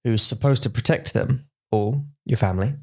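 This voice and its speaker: Pria yang bercerita dengan hidup. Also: male voice, medium pitch, moderate pace, creaky. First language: English. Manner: animated storytelling, acts out voices for effect. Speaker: podcast co-host. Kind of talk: casual bilingual chat.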